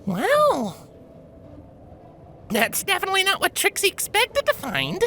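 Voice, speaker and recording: A woman's voice: fairly high pitch, huge pitch swings, normal speed, bright, forceful tone, slight background noise, heavily acted. A woman voicing a boastful, showy female unicorn mare in a fanfiction reading, who talks about herself in the third person and exclaims dramatically. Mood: exasperated.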